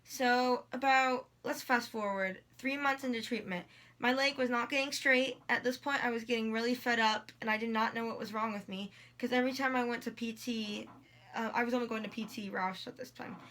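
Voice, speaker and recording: A woman's voice: fairly high pitch, steady tone, fairly quick, a bit bright. A teenage girl telling a long personal story in a casual vlog, rambling with many likes and ums while in pain. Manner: rambling, lots of likes and ums, quotes people in dialogue. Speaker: vlogger.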